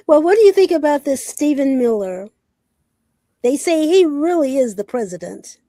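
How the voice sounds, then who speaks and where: Woman, high pitch, mellow tone, dry sound, talk show host, blunt questions. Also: big pitch swings, moderate pace, no room sound. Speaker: host and producer. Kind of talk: interview host.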